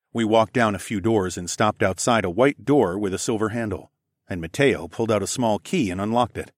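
Low-voiced male audiobook narrator. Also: dry recording, clean studio sound. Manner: steady, even storytelling. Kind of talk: first-person scripted narration.

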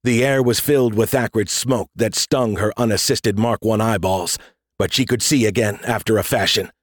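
A man narrating a military science fiction audiobook in a steady, measured way. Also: fairly low pitch, no room sound, clean studio sound. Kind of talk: scripted narration.

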